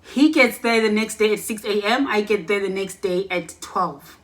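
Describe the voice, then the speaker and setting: A young woman from Lesotho vlogs to a camera placed across a warm room in an otherwise cold house. In a mid-range, fairly bright voice at a moderate pace, she chats her way through a long, casual story, voicing both sides of conversations and frequently correcting herself.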